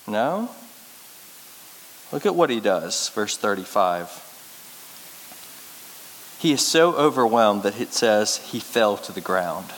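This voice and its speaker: A male pastor giving a sermon, speaking earnestly and getting lively when he tells stories. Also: on the low side, slow pace, long pauses. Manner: earnest storytelling preacher, lively when telling anecdotes. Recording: reverberant hall with faint hiss.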